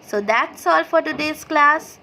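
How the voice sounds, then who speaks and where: High-voiced woman teaching an English class. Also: vocal fry, bright, forceful tone, slight background noise, low-quality recording. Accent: Indian English. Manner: reads sentences aloud, then names the punctuation; slow, explanatory, checks in with "okay". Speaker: school teacher. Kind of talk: online class lesson over slides.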